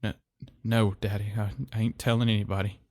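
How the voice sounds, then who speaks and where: A man voicing a small, curious boy with a Southern accent who talks in a timid, halting country drawl. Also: fairly low pitch, level tone, darkish tone, no room sound, natural voice. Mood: terrified. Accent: American Southern.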